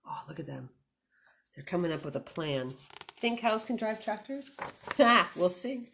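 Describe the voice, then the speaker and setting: A woman's voice: on the low side, lively intonation, measured pace, creaky, fairly bright tone, slight background noise. A woman librarian reading a picture book aloud at storytime, with chatty, giggly asides to the children.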